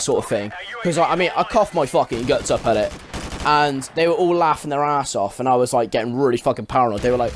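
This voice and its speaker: A man's voice: mid-range voice, expressive, fast talker, faint music behind. A young man telling a story casually to camera, rambling, swearing often and leaning on filler words. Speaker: vlogger.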